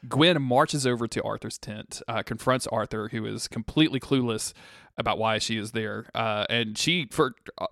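Playful podcast co-host, mid-pitched voice. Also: male voice, moderate pace, creaky, a bit bright, no room sound, clean studio sound. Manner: playful, mimics characters with exaggerated voices. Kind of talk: casual recap chat.

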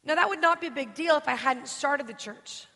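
A woman's voice: sits high, a little fast, bright, forceful tone. A woman in her thirties from the United States, preaching as a guest and telling a personal story with emotion, often asking the audience questions. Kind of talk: storytelling sermon. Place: church hall. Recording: reverberant church hall.

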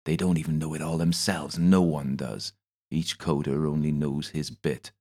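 A man voicing a wise, courteous male apothecary shopkeeper in an audiobook, speaking in a measured, formal way. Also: rumbling low, steady tone, a little mellow. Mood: explaining. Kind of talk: audiobook character voice.

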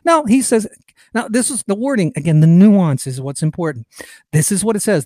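A man's voice: high-pitched, expressive, fairly quick, mellow, no room sound. A man hosting a political podcast, talking in an opinionated, digressive and emphatic way. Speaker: podcast host.

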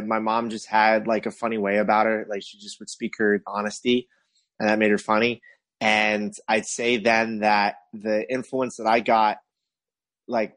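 Low-voiced comedian chatting loosely. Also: male voice. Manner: relaxed, loose, heavy on "like". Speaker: podcast guest, comedian. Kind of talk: casual chat.

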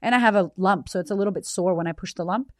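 A woman in her thirties hosting a podcast, telling a personal story in a blunt, animated way with frequent swearing. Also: mid-range voice, quick pace, dry recording, studio quality. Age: 30s. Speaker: podcast host. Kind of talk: candid personal storytelling monologue.

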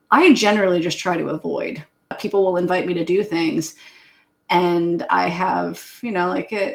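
A woman co-hosting a casual podcast, speaking candidly and self-deprecatingly about avoiding social plans. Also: on the low side. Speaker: podcast co-host.

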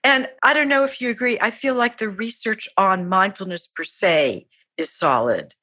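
A woman's voice: mid-range voice, moderate pace, dry recording. A middle-aged woman, a psychologist and author, talking earnestly as a podcast guest. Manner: warm, earnest, acts out quoted voices. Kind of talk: podcast interview.

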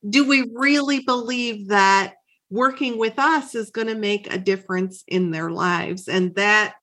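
A woman's voice: mid-range voice, measured pace, fairly bright tone. A woman hosting an interview, talking in a reflective, affirming way and wrapping up the conversation. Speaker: podcast host.

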